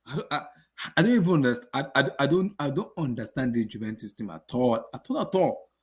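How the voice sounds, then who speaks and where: A man's voice: mid-range voice, lively intonation, fast. A young man hosting a casual football channel, ranting after a match with exasperated rhetorical questions and lots of repetition. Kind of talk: casual post-match rant.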